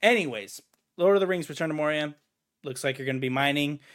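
A man's voice: a little high, fast talker, a bit bright. A man co-hosting a casual gaming podcast, ranting in an exasperated way and swearing now and then. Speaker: podcast co-host.

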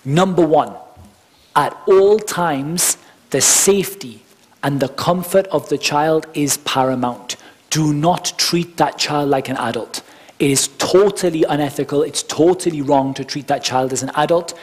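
A man's voice: fairly high pitch, a little slow, breathy edge. A man giving an informal workshop lecture, explaining step by step with frequent asides. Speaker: workshop instructor. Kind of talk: conversational teaching lecture.

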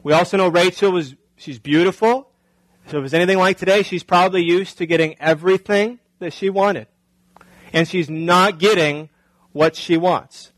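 A man's voice: sits high, moderate pace, dry recording, rough recording. A male pastor preaching a sermon in a conversational way, often asking the congregation rhetorical questions.

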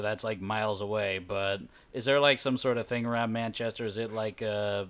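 Man, podcast co-host, fairly low voice, curious and questioning. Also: fairly quick, few pauses, fairly bright tone. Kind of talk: casual podcast chat.

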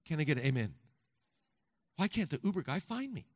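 A man preaching a sermon as pastor, talking conversationally with the congregation and building to fervent shouting. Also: on the high side, big pitch swings, fairly quick, no room sound, clean studio sound, big-room sound. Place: large church hall.

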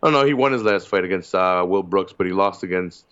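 Man, podcast co-host, excitable casual chat, lowish voice, slightly dull lo-fi recording. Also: a little fast, clean tone.

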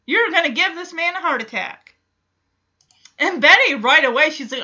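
A woman's voice: high voice, lively intonation, moderate pace, sharp tone, dull audio. A woman hosting a reaction video, recapping a TV episode and talking emphatically and with exasperation straight to viewers.

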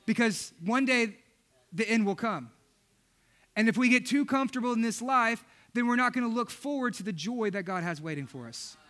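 Male preacher, thirties, high bright voice, storytelling sermon with voiced-out quotes. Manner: storytelling with acted-out quotes and laughs. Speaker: pastor.

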